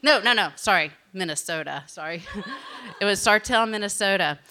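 Chatty Southern woman, bright voice. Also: medium pitch, moderate pace. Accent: Southern US, Alabama. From Alabama. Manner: animated, chatty, often laughing. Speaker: storyteller. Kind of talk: personal storytelling.

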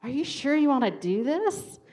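A woman telling a funny personal story to an audience, lively and laughing often. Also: high-pitched, normal speed.

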